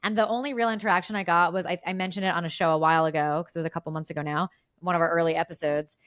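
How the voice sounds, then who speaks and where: A woman's voice: fairly low pitch, steady tone, very fast, a bit bright, no echo, studio quality. A woman co-hosting a podcast, chatting in a matter-of-fact way about politics and the show. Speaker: podcast co-host. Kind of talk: casual political chat. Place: New York City.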